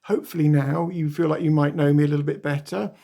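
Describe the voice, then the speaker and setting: A man with an English accent, chatting casually to his viewers in a vlog question-and-answer session. He talks warmly and directly to the camera, laughs often and pokes fun at himself. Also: fairly high pitch, fairly even intonation, quick pace, vocal fry. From England. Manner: chatty, often calls viewers "guys" and "beautiful ones"; laughs often, self-deprecating. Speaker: YouTuber. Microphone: phone.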